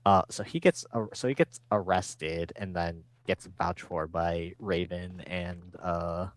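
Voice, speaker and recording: Low-voiced man rambling through a recap. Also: steady tone, slow, no room sound. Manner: rambling, filler-heavy, acts out quotes. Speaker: podcast co-host. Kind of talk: casual episode recap.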